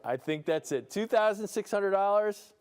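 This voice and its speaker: A man's voice: high voice, expressive, moderate pace, noisy background. Playful New Jersey man calling auction bids. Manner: playful and enthusiastic, chuckling between bid calls. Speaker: auctioneer and show host. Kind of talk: live broadcast auction calling. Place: studio room with a small audience.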